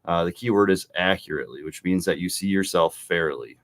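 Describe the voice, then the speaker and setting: A man's voice: deep voice, a little fast, a bit bright, no room sound. A man co-hosting a casual recovery discussion, talking in an easygoing, reflective way. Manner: easygoing, reflective, many fillers. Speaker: podcast co-host.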